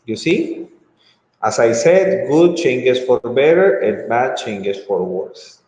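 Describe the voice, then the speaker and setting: A man teaching English grammar in an online lesson, speaking slowly and drawing words out, with frequent mm-hmms. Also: medium pitch, very animated, a little mellow. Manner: slow, drawn-out, with frequent mm-hmms. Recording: echoey room with long reverb.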